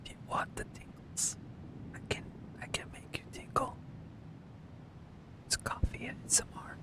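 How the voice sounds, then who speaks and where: A man voicing a teasing mock ASMR whisperer in a breathy, exaggerated parody whisper, as whispered role-play. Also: normal speed, lightly acted, rough recording.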